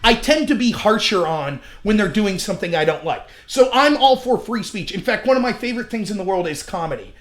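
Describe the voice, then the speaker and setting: A man hosting a casual political live-stream chat, talking in an animated way, laughing and mimicking opponents in quoted voices. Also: sits high, brisk, few pauses. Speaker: channel host.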